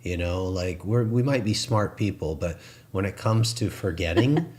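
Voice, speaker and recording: A man's voice: sits low, moderate pace, darkish tone. A man co-hosting a spiritual talk show, chatting earnestly and laughing at himself. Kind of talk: casual spiritual chat.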